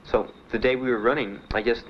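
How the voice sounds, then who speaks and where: Older man, interviewee, halting and plain, fillers throughout; dull, slightly noisy archival audio. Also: mid-range voice, steady tone. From Miami. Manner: plain, halting storytelling with many "uh"s and "you know"s. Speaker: Vietnam veteran interviewee. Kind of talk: personal recollection in an interview.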